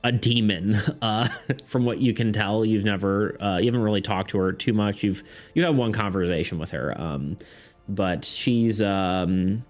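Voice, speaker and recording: A man's voice: lowish voice, normal speed, soft background music. A man running a livestreamed tabletop game as game master, narrating in a loose, laid-back way and thinking aloud.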